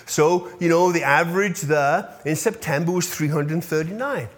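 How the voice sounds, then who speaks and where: In a slightly high voice at normal speed, a fifty-something pastor chats through a casual update for his congregation. He keeps checking in with them and becomes emotional easily when expressing thanks.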